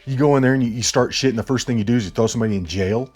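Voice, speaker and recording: A man giving heated political commentary on his channel, yelling, blunt and profane, repeating himself as he rants. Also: mid-range voice, very fast, soft background music.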